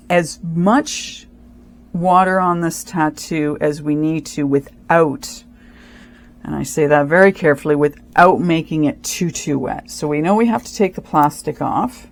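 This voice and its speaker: Low-voiced woman chatting through a craft project. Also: a little slow. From Canada. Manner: chatty, thinks aloud, restarts sentences, careful instructions. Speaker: craft channel host. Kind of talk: casual craft tutorial narration.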